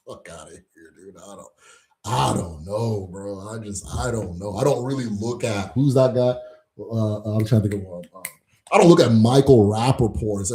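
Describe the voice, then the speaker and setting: Speaking in a mellow, lowish voice at a moderate pace, a man who runs a channel about Igbo spirituality mocks and rants casually to his camera, cursing and laughing a lot. The room gives the recording an echo.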